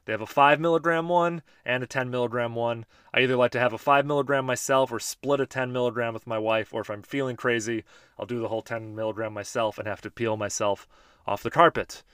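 A man's voice: mid-range voice, fairly even intonation, a little fast, a bit bright, smooth, no echo, clean studio sound. A man in his thirties hosting a podcast, chatting casually and joking while he answers listener voice memos. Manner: laid-back, chatty, joking. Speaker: podcast host.

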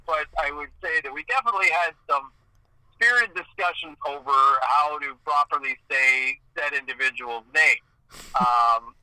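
A man's voice: on the high side, bright, forceful tone, no room sound, low-quality recording. A man from Eastern Ontario, a guest on a podcast interview, telling stories in a chatty way full of "like" and "you know.". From Eastern Ontario, Canada. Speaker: guest, hockey video game commentator.

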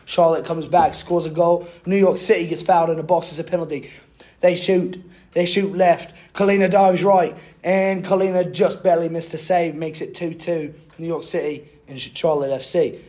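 A man's voice: a little high, steady tone, normal speed, dark tone, close to an everyday voice. A man putting on a mock British gent. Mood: excited. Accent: put-on British. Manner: playful, sportscaster-like play-by-play. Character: mock-posh British man recapping his week.

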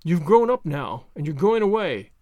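Male reader doing a restrained older farm woman, slow, wistful, storybook. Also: a little high, very animated, dark tone, dry recording. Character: stern older farm woman, reserved but loving.

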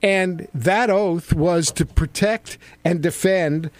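Man, middle-aged, high voice, rambling satire, stammering restarts, dry close mic. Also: slow, dry recording. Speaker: show co-host, former congressman. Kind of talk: satirical political chat.

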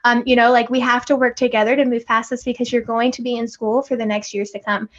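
A woman's voice: on the high side, level tone, fast, muffled recording. A woman co-hosting a podcast in casual chat, talking at length in a chatty way and acting out the lines she quotes. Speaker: podcast co-host.

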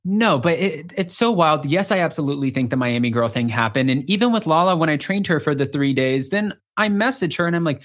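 A man's voice: a little high, animated, fairly quick, few pauses, a bit bright. Man hosting a gossipy chat. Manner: gossipy storyteller, acts out quotes. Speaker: podcast host. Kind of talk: casual chat.

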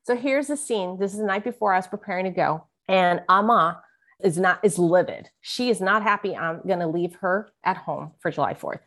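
A woman's voice: fairly low pitch, normal speed, a bit bright. A woman guest reading an excerpt of her memoir aloud and talking about it, with earnest, vivid storytelling. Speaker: guest author. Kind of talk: memoir reading and interview chat.

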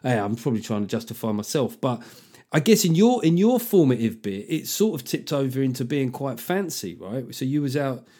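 A man's voice: mid-range voice, big pitch swings, brisk, mellow. Rambling man hosting a podcast. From South London, England. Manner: rambling, sweary, self-deprecating. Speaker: podcast host. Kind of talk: casual podcast chat.

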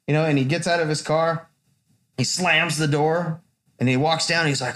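Tattoo guy on a podcast, slightly high voice, swearing a lot, telling a wild story and doing everybody's voices. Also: brisk. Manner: animated, profane storyteller acting out voices. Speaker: podcast host, tattoo artist. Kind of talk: casual storytelling chat.

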